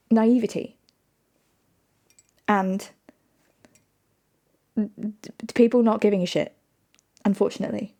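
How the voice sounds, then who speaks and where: A woman's voice: mid-range voice, creaky, mellow. A woman streamer in casual livestream chat, playful, laughing often and answering her viewers.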